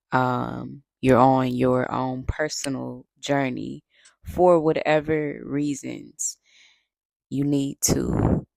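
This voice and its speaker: A woman with a very deep, gravelly voice gives casual, slangy advice to her channel's viewers about self-love and healing. She talks slowly and sounds a touch out of breath. The recording is dry, with no room sound. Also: no room sound, poor audio. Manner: relaxed, conversational, uses slang and fillers. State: a little out of breath. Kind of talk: casual talking-to-camera advice.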